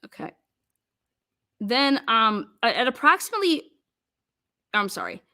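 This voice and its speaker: A woman's voice: fairly high pitch, sing-song, sharp tone. A woman commentator acting out a cross-examination, firing pointed questions one after another. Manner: rapid-fire pointed questioning.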